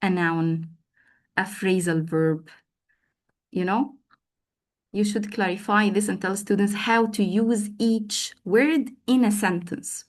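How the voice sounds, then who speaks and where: A woman's voice: medium pitch, slow pace. Woman trainer leading an online lesson. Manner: lively, calls on participants by name, frequent fillers. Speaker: teacher trainer.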